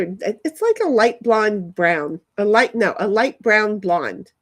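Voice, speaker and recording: A woman vlogging outdoors on a phone, chatting in a meandering way with many restarts and sudden excited leaps in her voice. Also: medium pitch, measured pace. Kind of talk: rambling casual monologue. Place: outdoors in a yard.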